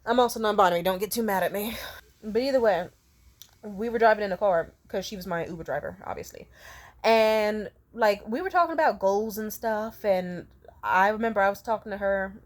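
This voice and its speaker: A woman's voice: mid-range voice, brisk. A young adult woman telling a casual storytime vlog, rambling and profane, laughing often between sentences. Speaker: vlogger.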